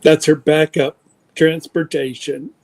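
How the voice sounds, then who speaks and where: A man's voice: on the high side, flat delivery, slow, gravelly, a little mellow. A man co-hosting a casual chat, dropping short, dry quips. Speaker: podcast co-host.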